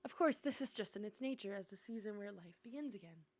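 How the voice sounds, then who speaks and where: A woman voicing an old, wise stone elder in a cozy game, speaking slowly and soothingly in a hushed voice. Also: medium pitch, expressive, no room sound.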